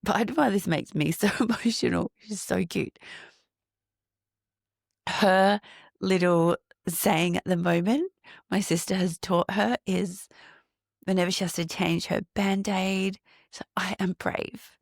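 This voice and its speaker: A woman hosting her own podcast, reflecting on healing and breathwork, laughing often and slowing into a guided meditation. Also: medium pitch, steady tone, creaky, no echo, clean studio sound. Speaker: podcast host and breathwork coach.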